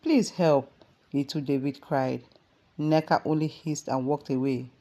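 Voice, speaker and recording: A woman with a Nigerian accent narrating a dramatic family story in a steady storytelling voice. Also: extremely low pitch, normal speed.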